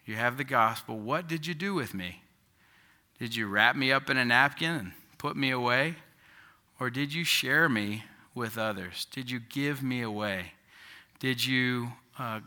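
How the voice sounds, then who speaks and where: Bright-voiced preacher asking questions. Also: male voice, mid-range voice. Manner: conversational preaching with rhetorical questions. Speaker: pastor. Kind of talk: sermon.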